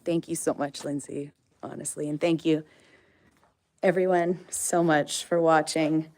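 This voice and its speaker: A woman's voice: deep voice, fairly even intonation, a little slow, darkish tone, slight background noise. A woman hosting a casual farm livestream, chatting with viewers and coaxing her animals in a sing-song.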